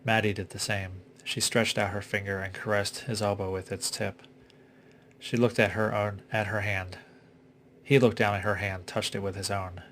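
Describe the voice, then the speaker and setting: Low-voiced man reading a story. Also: level tone, moderate pace, a bit bright, a little hiss or hum. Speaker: reader. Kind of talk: audiobook story narration.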